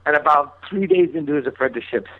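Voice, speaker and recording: A man's voice: fairly high pitch, fast. A man telling a long anecdote in a radio interview, acting out both sides of old phone calls. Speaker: guest chef. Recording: tinny phone-line sound.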